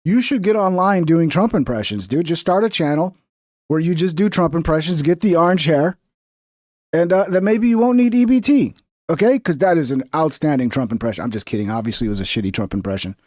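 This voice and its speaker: A man's voice: fairly high pitch, sing-song, brisk, a little mellow, no room sound, clean studio sound. A man in his thirties from Texas, giving casual, profane, sarcastic commentary on clips.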